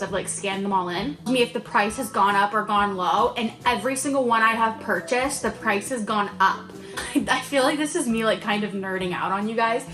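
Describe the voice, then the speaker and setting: A woman's voice: fairly high pitch, expressive, normal speed, pushed and bright, soft background music. A woman in her twenties chatting casually to camera at home in a vlog, giggly and full of "like". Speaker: vlogger. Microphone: handheld camera.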